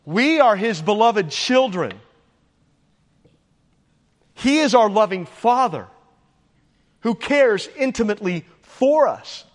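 A man's voice: sits high, very animated, slow pace, pauses often. A man preaching a sermon to his congregation, emphatic, rising for stress and asking the room questions. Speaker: pastor. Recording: echoey church hall with long reverb.

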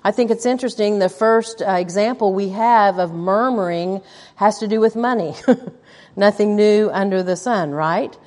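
A woman's voice: medium pitch, normal speed, darkish tone. A middle-aged woman teaching a women's Bible study in a chatty way, putting questions to the listeners and muttering asides under her breath. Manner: conversational, asks the audience questions, mutters quoted asides. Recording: long echo of a large hall.

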